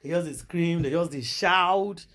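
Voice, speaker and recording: A woman with a Nigerian accent telling a gossip story in a casual vlog, animated and exclamatory, mixing Pidgin and English. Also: lowish voice, a little slow. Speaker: gossip vlogger.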